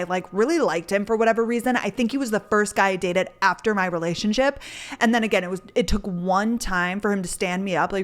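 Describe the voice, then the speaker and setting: Candid chatty young woman podcaster. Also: mid-range voice. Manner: candid, chatty, swears freely. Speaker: podcast host. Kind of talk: casual storytelling.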